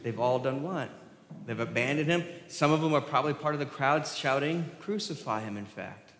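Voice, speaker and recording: A man's voice: mid-range voice, normal speed, a bit bright, a little hiss or hum. A male pastor preaching a sermon, asking the congregation questions and answering them. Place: church sanctuary. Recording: roomy church hall with long reverb.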